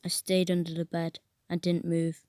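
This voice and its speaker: A woman narrating a first-person horror story in an even, steady reading manner. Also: fairly low pitch, moderate pace, dry recording.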